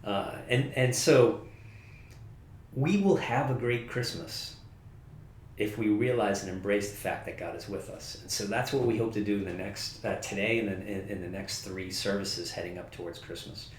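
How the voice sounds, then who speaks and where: A man's voice: fairly low pitch, normal speed, echoey room, a little hiss or hum. A man preaching a casual, conversational sermon as pastor, often correcting himself and laughing at his own slips.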